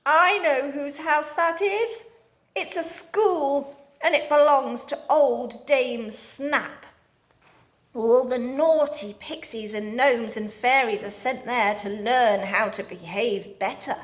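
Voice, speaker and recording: A woman voicing an excitable round-faced storybook man, reading him aloud. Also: high-pitched, slow. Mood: worried.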